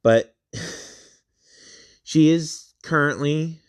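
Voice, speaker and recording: Slow, rambling male storyteller. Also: a little high, smooth. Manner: rambling, halting, with many fillers and restarts. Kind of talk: casual retelling of a fan story.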